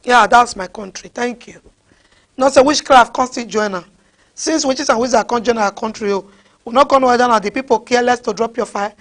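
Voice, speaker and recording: A woman preaching a sermon, animated, mixing in pidgin and often asking the crowd "huh?". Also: on the high side, brisk. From West Africa.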